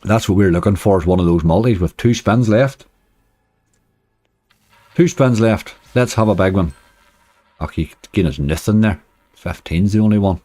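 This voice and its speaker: A man's voice: sits low, dark tone, no echo. A man with a Northern Irish accent giving chatty live-stream commentary on casino games, talking to his chat and groaning at near misses. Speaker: slots streamer.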